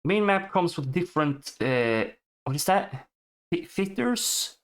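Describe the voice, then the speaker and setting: Playing a video game on stream, this man chats excitedly and casually, cursing and addressing the animals he runs into. He has a high voice and takes his time speaking.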